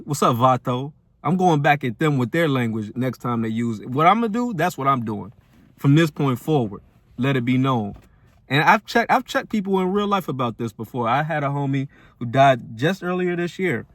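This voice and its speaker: A commentary host rants firmly and preachily, pressing his points with building emphasis. His slightly high voice sounds dry and close, with no room around it. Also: no room sound. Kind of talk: reaction rant.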